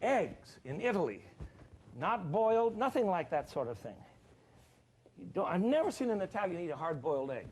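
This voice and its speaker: A man hosts a cooking show from a studio kitchen, talking the audience through a dish. His voice sits a little high and swings widely in pitch, chatty and enthusiastic, with jokey asides. Faint background noise is present. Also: big pitch swings, normal speed, a little mellow. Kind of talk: cooking demonstration.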